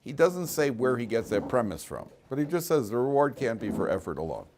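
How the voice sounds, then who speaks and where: A rabbi teaching a Torah class to students in a classroom, acting out voices from the story and breaking off to speak to the students directly. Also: male voice, mid-range voice, a little fast, a little hiss or hum. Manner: animated, acts out voices of people in the story.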